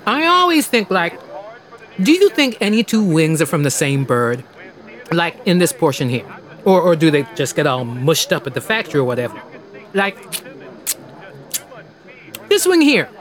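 An actor playing a heavyset, mock-friendly stranger who rambles and taunts in an audio drama. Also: male voice, on the high side, very animated, moderate pace, long pauses, fairly bright tone. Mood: rambling. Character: menacing, playful heavyset man.

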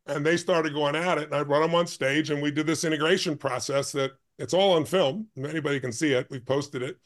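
A man telling a story as a podcast guest, his voice pitched somewhat high for a man. He talks with strong emphasis and rushes ahead in fast bursts. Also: fairly even intonation. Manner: emphatic, intense, speeds up in bursts. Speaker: guest, life and business strategist.

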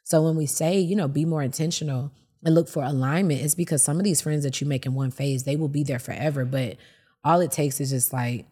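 A woman's voice: deep voice, steady tone, fairly quick, dark tone, breathy edge. A woman hosting a podcast, candidly telling a personal story and acting out quoted lines. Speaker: podcast host. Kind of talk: casual chat.

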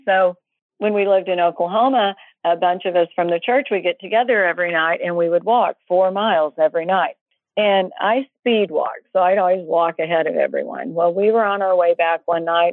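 A woman guest telling personal faith stories in a casual, animated way, acting out what people said. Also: on the low side, a little fast, no room sound. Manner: animated, acts out quoted voices. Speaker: guest storyteller. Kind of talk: casual testimony storytelling. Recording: tinny phone line, dry.

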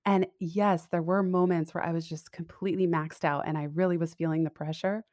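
A woman's voice: lowish voice, steady tone, a little fast, darkish tone, no echo, clean studio sound. A woman speaking as an interview guest over a remote call, reflective and candid, laughing easily and often restarting her sentences. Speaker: guest, career coach and business owner. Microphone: remote call audio.

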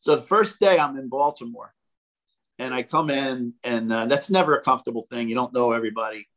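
An older man, a former ballplayer, telling animated stories as a podcast guest and acting out the quotes. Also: medium pitch, brisk, low-quality recording. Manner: animated, jokey storyteller who acts out quotes. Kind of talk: casual storytelling.

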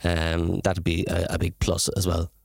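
A man's voice: low-pitched, monotone, measured pace, creaky, a little mellow, dry recording, studio quality. A man chatting casually and explaining things with enthusiasm. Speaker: podcast co-host. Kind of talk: casual chat.

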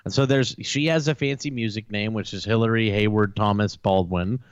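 A man's voice: fairly low pitch, fairly quick, clear, resonant tone, no echo, lo-fi sound. A man co-hosting a podcast, bantering and joking, often laughing along. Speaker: podcast co-host. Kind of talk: casual banter.

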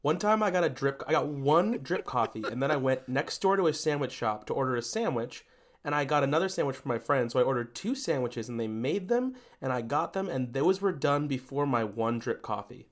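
A man co-hosts a comedy podcast with a mid-pitched, everyday voice. He tells dry, profane stories in easy conversation with his co-host. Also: animated, brisk. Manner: wry, profane storyteller. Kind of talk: casual comedic chat.

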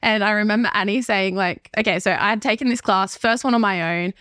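A woman's voice: mid-range voice, a little fast, no room sound, studio quality. Young woman telling her story. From Australia. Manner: candid, animated storytelling with laughs. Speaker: guest. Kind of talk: personal story in a podcast interview.

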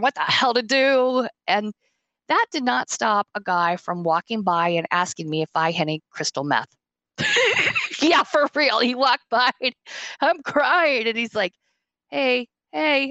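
A woman's voice: on the high side, no room sound. Emotional woman telling a personal story. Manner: emotional, laughs often, animated storytelling. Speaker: podcast host.

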